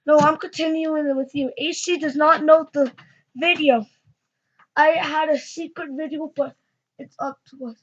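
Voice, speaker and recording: High-voiced, excitable woman hosting reactions. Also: moderate pace, dull audio. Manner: excitable, chatty and rambling. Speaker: reaction channel host. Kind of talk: casual reaction chat.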